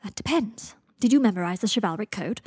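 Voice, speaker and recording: A woman's voice: medium pitch, expressive, a little fast, breathy edge, dry recording. A woman voicing a theatrical young man in a story reading, talking in a dry, arch and dramatic way.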